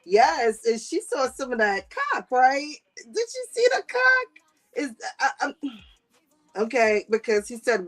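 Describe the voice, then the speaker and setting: A woman's voice: a little high, sing-song, unhurried. A woman hosting a livestream, reading chat comments and gossiping in a sassy, slangy way with frequent laughter.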